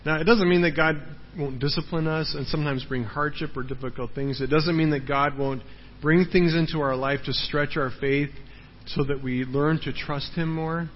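A man's voice: a little high, slight background noise. Earnest male preacher in a reverberant hall. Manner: earnest, repeats words for emphasis, asks "right?". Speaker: pastor. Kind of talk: sermon. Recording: dull sound in a large reverberant hall.

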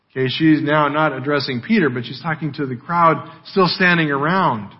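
A man's voice: fairly high pitch, normal speed, few pauses, breathy edge. A man preaching a sermon in a conversational way, often checking in with "right?", heard on a dull, lo-fi recording. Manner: conversational, with frequent "right?" tags. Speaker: pastor.

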